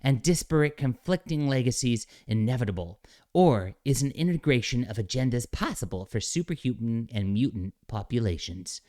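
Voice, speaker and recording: A man's voice: medium pitch, lively intonation, normal speed, darkish tone, voice pushed up, close to an everyday voice. A man voicing a prim, preachy alien rock creature in a mocking "soy voice", reading a comic aloud. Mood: earnest. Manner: earnest, lecturing, mocking "soy voice".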